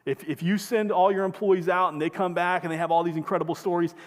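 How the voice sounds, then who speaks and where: A high-voiced male pastor delivers a sermon, speaking a little fast, in a church sanctuary with a reverberant sound. His preaching is conversational, and he puts questions to the congregation.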